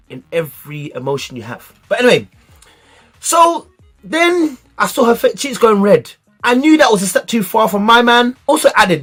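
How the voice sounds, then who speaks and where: Man, husky higher-pitched voice, lively slangy storytelling, faint music behind. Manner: animated, slang-heavy, laughs through the story. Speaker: podcast guest telling a school story. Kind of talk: casual storytelling.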